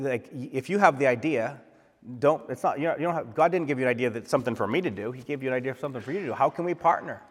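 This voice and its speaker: Pastor guy preaching casual and animated, does little voices for quotes, big echoey hall. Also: medium pitch. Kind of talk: sermon. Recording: long hall reverb.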